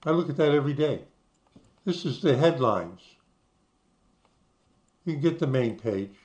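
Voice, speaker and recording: Slow older man explaining on screen. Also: mid-range voice, expressive, darkish tone. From United States. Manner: slow, explanatory, spells things out letter by letter. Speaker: channel host. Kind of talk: casual screen-share explainer.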